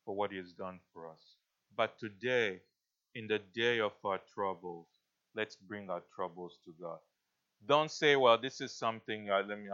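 A male pastor preaching a sermon in an earnest, halting way, often restarting his sentences. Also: mid-range voice, sharp tone. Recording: dull lo-fi recording.

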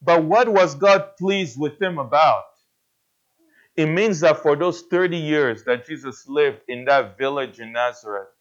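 A man's voice: medium pitch, dull audio. A man preaching a sermon, earnest, putting repeated questions to his listeners. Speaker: pastor.

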